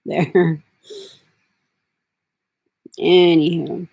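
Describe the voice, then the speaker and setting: A woman's voice: lowish voice, flat delivery, extremely slow, gravelly, breathy edge, muffled recording. A middle-aged woman talking to her camera in a rambling, casual way, drifting from thought to thought with lots of fillers. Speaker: vlogger. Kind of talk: casual vlog talk.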